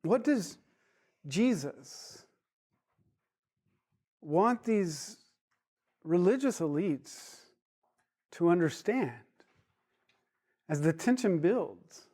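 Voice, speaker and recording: A male Bible teacher retells a parable in a storytelling manner, wandering off on side digressions before returning. His voice sits high for a man and he takes his time. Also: sing-song, drawn-out words, pauses often, warm tone. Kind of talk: Bible study lesson.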